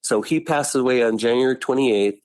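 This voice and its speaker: A middle-aged man telling his own family story in an interview, animated, often acting out what people said. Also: medium pitch, brisk, smooth, dry recording. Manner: animated, acts out family members' lines.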